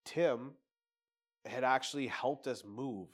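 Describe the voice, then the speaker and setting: A man's voice: mid-range voice, slow. Male podcast guest, casual storyteller, rambling and profane, plain voice.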